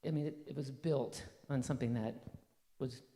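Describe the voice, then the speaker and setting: An audience member asking a long question at a church forum, halting and searching for words. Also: mid-range voice, steady tone, warm tone, big-room sound.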